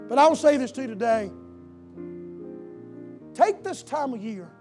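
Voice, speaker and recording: A male pastor preaching a sermon in a church, swinging between shouted, drawn-out declarations and quieter, intimate appeals. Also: extremely high pitch. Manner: shouting preacher cadence with slow emphatic punches. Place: church sanctuary. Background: soft piano.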